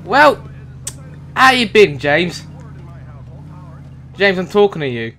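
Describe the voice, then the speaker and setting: A man giving playful, jokey commentary over a game, excitable and breaking into shouts. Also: high-pitched, slow. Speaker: gaming commentator. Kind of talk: playful let's-play commentary. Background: game music.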